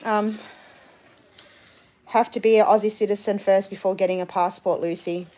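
A woman with a mid-range, mellow voice hosts a family live stream as a vlog host, chatting casually and reading out viewer comments. She speaks at a moderate pace with fairly even intonation and laughs easily.

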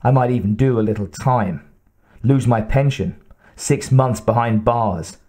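A man's voice: medium pitch, a little slow, natural voice. Man doing a tough blunt homicide detective. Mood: grim. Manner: blunt, calmly menacing.

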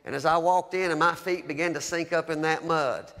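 Guy preaching a testimony, fervent and emotional, kinda high voice. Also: fairly even intonation, fairly quick, fairly bright tone, in a large hall. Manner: emotional storytelling, rising to fervent prayer. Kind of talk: sermon testimony.

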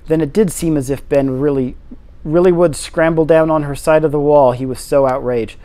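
A man reading a classic novel aloud, steady with occasional slips. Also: fairly high pitch, brisk. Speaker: reader.

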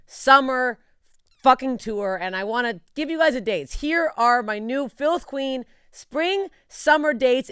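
A woman's voice: a little high, a bit bright, clean tone, no room sound, clean studio sound. A woman hosting a comedy podcast, brash and profane, laughing often in casual chat. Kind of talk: casual chat and tour ad read.

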